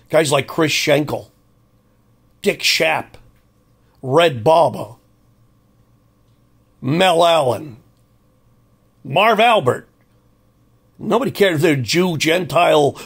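A man's voice: a little high, gravelly, slightly rough. An older man delivering an angry, emphatic monologue as a commentator. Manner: emphatic, heated ranting.

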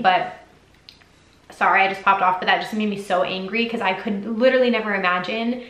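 A woman's voice: medium pitch, fairly bright tone. A woman hosting a solo podcast, talking candidly and casually, with lots of "like" and frequent swearing. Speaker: podcast host. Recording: echoey room.

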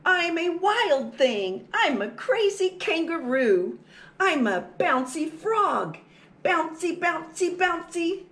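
A woman voicing a loud, excitable little boy mouse in a storybook reading. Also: very high voice, takes it slowly, pitched above the performer's own voice, heavily acted. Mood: excited. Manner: loud, bouncy and boastful.

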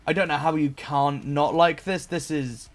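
A man giving an excitable, sweary, rambling casual reaction to music as host. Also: on the high side, moderate pace.

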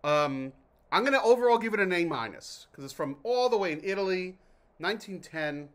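Male vlog host from New Jersey, slightly high voice, loose jokey rambling delivery. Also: animated, fairly quick, fairly bright tone. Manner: chatty, jokey, self-interrupting. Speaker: vlog host reviewing mineral water. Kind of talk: casual rambling vlog talk.

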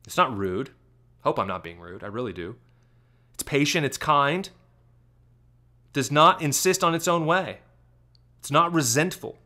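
A man giving commentary on a clip, asking sarcastic rapid-fire questions. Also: fairly high pitch, expressive, bright, forceful tone.

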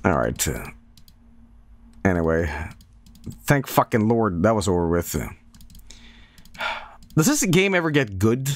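A man's voice: on the low side, very animated, measured pace, long pauses, no echo. A man streaming a game, rambling and sardonic in casual commentary, laughing often.

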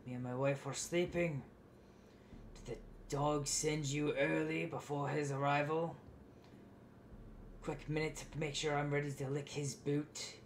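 A man's voice: a little high, flat delivery, measured pace, reverberant, slight background noise, pitched above the performer's own voice. Man voicing a stern old lord father. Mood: gruff impatient. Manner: commanding, curt.

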